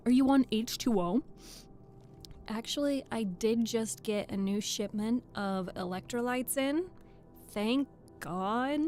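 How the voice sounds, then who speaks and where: A young streamer, who also reads audiobooks, chats and jokes casually with viewers during a live stream at the microphone. Her voice is a little high and warm, and she speaks slowly. Faint music runs behind her.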